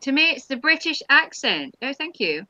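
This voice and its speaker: A woman's voice: high voice, very animated, moderate pace, bright, forceful tone, no echo, highs cut off. A woman hosting a casual live stream, chatting with viewers and reading their comments in a rambling way with many ums.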